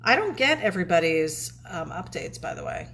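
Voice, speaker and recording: A woman's voice: lowish voice, very animated, normal speed, a bit bright. A woman co-hosting a casual live stream, laughing often and welcoming viewers by name. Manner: giggly, reads out viewer names. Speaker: co-host of a live art stream.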